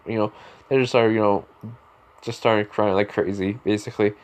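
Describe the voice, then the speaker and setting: A man's voice: on the low side, brisk, darkish tone, clean tone. A man casually telling a spoken fan story, rambling with lots of fillers. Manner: rambling, heavy use of "you know" and "like" fillers.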